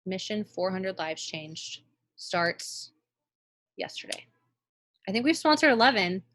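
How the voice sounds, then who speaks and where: A woman's voice: medium pitch, big pitch swings, takes it slowly, a bit bright, no echo. Woman, team leader, upbeat motivational call, emphatic repeats, dry close sound. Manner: emphatic, repeats phrases for effect. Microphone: call audio.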